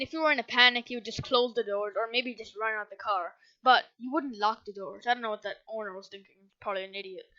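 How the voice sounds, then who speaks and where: A woman's voice: fairly high pitch, a bit bright, no room sound. A woman recapping a movie in a casual, rambling way, sarcastic and often correcting herself. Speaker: movie reviewer. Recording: dull lo-fi dry recording.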